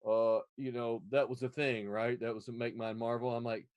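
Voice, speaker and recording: A man from Florida co-hosting a casual podcast chat, telling stories in a rambling, animated way full of restarts. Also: medium pitch, normal speed, dry recording, muffled recording. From Florida, USA. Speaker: podcast co-host.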